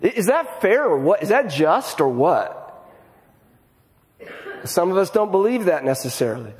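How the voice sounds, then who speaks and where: Animated, conversational pastor. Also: male voice, high-pitched, moderate pace, big-room sound. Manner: conversational, animated, repeats words when starting sentences. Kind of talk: sermon.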